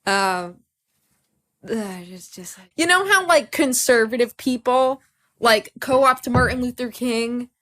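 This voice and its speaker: A woman co-hosting a podcast, commenting in an animated, sarcastic way during a political discussion. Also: fairly high pitch, unhurried. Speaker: podcast co-host.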